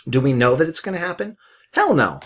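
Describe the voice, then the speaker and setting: Blunt, animated middle-aged trading mentor. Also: male voice, on the high side, fairly quick, slightly rough. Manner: blunt, swears, repeats himself; chatty, laughs at his own jokes. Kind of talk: live market commentary and teaching.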